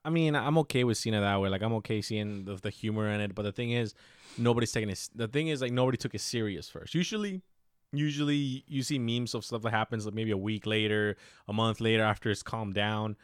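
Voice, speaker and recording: A man's voice: lowish voice, quick pace, smooth, dry recording, clean studio sound. A man chatting casually as a podcast co-host, rambling loosely, swearing freely and acting out his own reactions. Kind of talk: casual chat.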